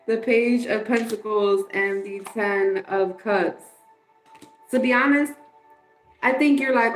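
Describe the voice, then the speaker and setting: A woman's voice: mid-range voice, measured pace, reverberant, faint music behind, rough recording. A woman giving a casual tarot card reading, chatty and candid, swearing and laughing often. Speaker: tarot reader.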